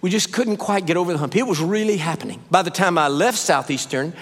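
An older man preaching a sermon in a church, telling a story and rising to animated, emphatic peaks. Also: high-pitched, fast talker, slightly rough. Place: church sanctuary. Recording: live sermon with long reverb.

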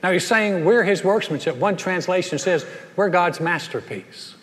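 A man preaches in a church sanctuary, spinning homespun stories into lessons. His voice sits a little high, and he leans hard into the punchlines. A long reverb hangs behind every phrase. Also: normal speed. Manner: folksy storytelling, animated punchlines. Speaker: pastor. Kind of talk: sermon.

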